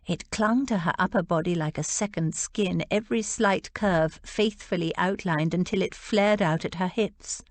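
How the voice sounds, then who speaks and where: A woman narrating a historical romance audiobook in a deliberate, expressive way. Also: lowish voice, no room sound.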